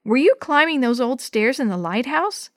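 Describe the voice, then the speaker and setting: Performing a storybook's caring yet bossy older girl, a woman raises her pitch above her natural voice. She sounds high-pitched and animated at a moderate pace, captured in clean studio sound without echo.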